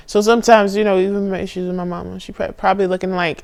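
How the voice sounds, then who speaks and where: A young woman recording a confessional vlog on her phone, candid and profane, drifting from low murmurs to loud outbursts. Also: level tone, quick pace, gravelly, few pauses. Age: young adult. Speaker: spiritual vlogger. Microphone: phone camera.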